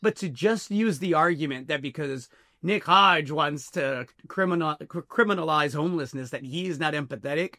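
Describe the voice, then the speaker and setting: A man's voice: on the high side, moderate pace, sharp tone, no room sound, clean studio sound. A man co-hosting a podcast, talking earnestly to listeners, often restarting his words. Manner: earnest, addresses listeners as folks, stammering restarts. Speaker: podcast co-host. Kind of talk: casual podcast discussion.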